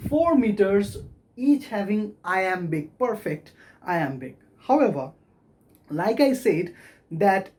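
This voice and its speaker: A literature lecturer with a mid-range, darkish voice teaches a recorded video lesson on poetry, patiently explaining and tapping out the stressed beats of the verse aloud.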